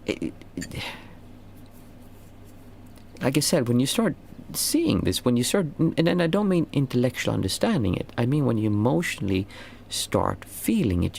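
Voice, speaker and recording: A man as a meditation teacher answering questions in casual talk, earnest and rambling, restarting phrases and jumping high to stress a point. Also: sing-song, normal speed, vocal fry, long pauses, a little mellow, slight background noise.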